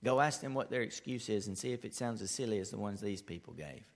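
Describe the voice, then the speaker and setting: A man preaching a sermon, his delivery swinging between loud, eager stretches and hushed, quiet lines. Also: lowish voice, fast, long reverb tail. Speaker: pastor.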